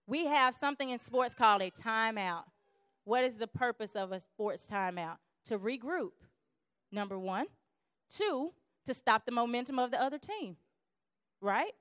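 A woman giving a lively church teaching on conflict, acting out quarrels in quick voices. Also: fairly high pitch, clean tone, no room sound, clean studio sound.

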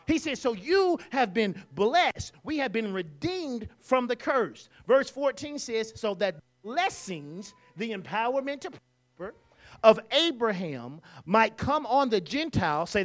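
A man preaching a sermon in a church, leading the congregation in call-and-response and rising to loud exclamations. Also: extremely high pitch, big pitch swings, measured pace.

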